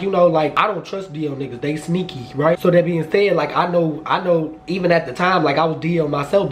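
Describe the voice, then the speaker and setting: A young man in his twenties, voice a touch higher than most, spins a storytime vlog in a lively, cursing rush. His delivery keeps jumping up into high, excited outbursts. A faint hum sits under the recording. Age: 20s. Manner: animated, profane, jumps to high excited outbursts. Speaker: vlogger.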